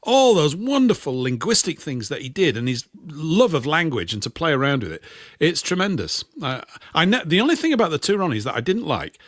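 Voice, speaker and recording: A man's voice: on the high side, very animated, a little fast, no room sound, clean studio sound. A man in casual chat, giving opinions and teasing his co-host.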